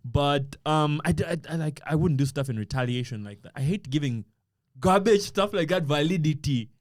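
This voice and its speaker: Young man, from Uganda, casual podcast chat, slightly high voice, dry close sound, animated storyteller. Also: moderate pace, no room sound. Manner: animated storytelling, quotes himself often. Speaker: podcast guest. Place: podcast room.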